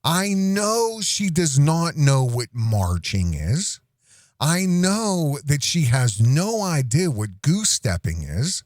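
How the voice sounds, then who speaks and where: A man hosting a podcast, telling a rambling casual story and jumping up high in pitch when he imitates a small child. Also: no echo, studio quality. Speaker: podcast host.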